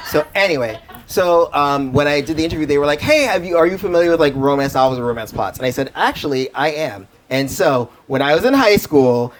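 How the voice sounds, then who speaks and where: Young guy doing standup, high lively voice, loud crowd laughing behind him. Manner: animated, jokey, breaking into laughter. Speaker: stand-up comedian. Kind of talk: stand-up comedy set. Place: comedy stage before a live audience. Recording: loud crowd and noise of a live club. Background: audience laughing.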